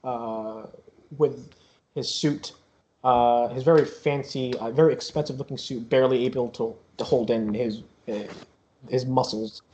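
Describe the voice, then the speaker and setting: A man's voice: medium pitch, steady tone, a little slow, darkish tone, slight background noise. A man narrating as game master of a tabletop game, rambling with many fillers.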